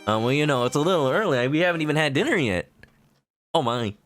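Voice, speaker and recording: A man's voice: on the high side, big pitch swings, brisk, fairly bright tone, soft background music. A young man casually commenting on a game as he streams it, joking as he goes. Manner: playful, jokey.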